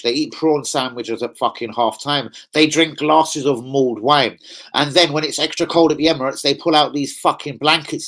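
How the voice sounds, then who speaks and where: A man's voice: medium pitch, a bit bright. A man ranting angrily on a live stream as a football fan streamer, swearing heavily and getting worked up. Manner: angry, profane, heated.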